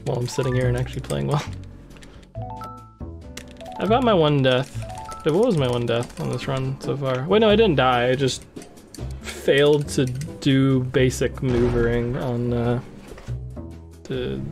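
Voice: medium pitch, measured pace, gravelly, long pauses, music in the background. A speedrun streamer giving playful, joking commentary while racing a friend.

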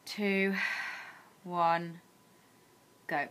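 A woman's voice: on the low side, steady tone, drawn-out words, fairly bright tone. A young woman chatting casually on her daily challenge vlog, teasing her husband and giggling a lot. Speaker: vlogger.

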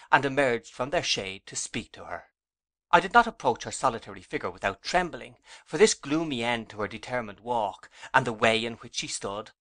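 Man, audiobook narrator, measured dramatic reading, mid-pitched voice. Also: sharp tone. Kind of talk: scripted narration.

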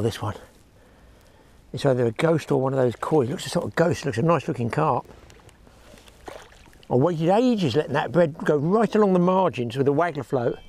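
Out on a breezy lakeside bank, a middle-aged man fishes and talks to the camera in a chatty way, greeting his audience as "people" and "boys." His voice is a touch high and slightly mellow, picked up by a clip-on mic with a lead, and he works as a fishing vlogger.

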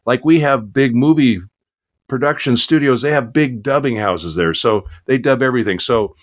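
A man's voice: medium pitch, normal speed. An older man, a voice actor, chatting casually in an interview and telling stories with many fillers. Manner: relaxed storytelling with many fillers. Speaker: voice actor guest.

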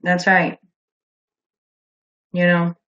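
A woman's voice: lowish voice, completely flat delivery, drawn-out words, bright, forceful tone. Profane, fiery woman hosting a muffled livestream. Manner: blunt, profane, angry outbursts. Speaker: livestream host taking calls. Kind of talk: heated call-in livestream.

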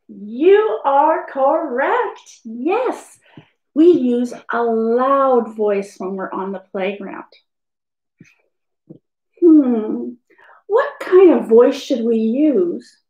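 A woman's voice: on the high side, a little mellow, reverberant, poor audio. A woman teacher giving a lesson to young children in a sing-song, encouraging way.

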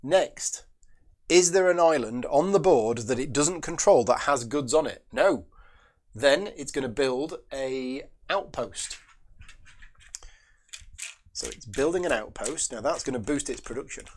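A man's voice: medium pitch, animated, normal speed, slightly rough. Man thinking aloud through a board game. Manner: muses aloud, questions and answers himself; chats with viewers between moves. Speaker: board game channel host.

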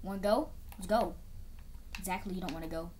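A woman's voice: lowish voice, brisk, a little mellow, slight background noise. A woman casually talking her way through a video game, chatty and repeating herself as things happen. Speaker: gameplay video creator. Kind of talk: casual gameplay commentary.

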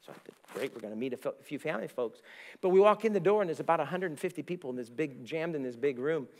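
Animated higher-voiced male pastor. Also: quick pace. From United States. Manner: animated storyteller, repeats words, acts out quoted voices. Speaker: guest pastor. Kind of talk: sermon with storytelling. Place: church sanctuary.

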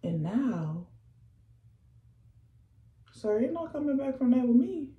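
A woman's voice: high voice, big pitch swings, slow, reverberant, muffled recording. A young woman, telling a sassy, slangy storytime while doing her makeup at home. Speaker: vlogger. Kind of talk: casual storytime chat.

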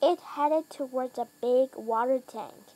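Slow, high-voiced woman reading a storybook. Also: darkish tone, low-quality recording. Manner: slow, careful reading with small slips and self-corrections; lifts pitch and volume for characters' lines. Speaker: reader. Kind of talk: reading a children's storybook aloud.

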